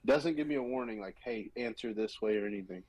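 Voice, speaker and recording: A man co-hosting a casual podcast, telling animated stories and acting out customers' voices. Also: fairly low pitch, fast, poor audio. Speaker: podcast co-host. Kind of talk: casual chat.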